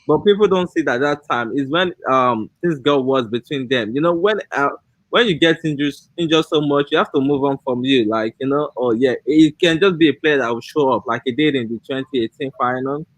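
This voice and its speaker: A man's voice: medium pitch, fairly quick, dry recording, low-quality recording. A man co-hosting a casual football podcast, rambling through his explanations with many fillers.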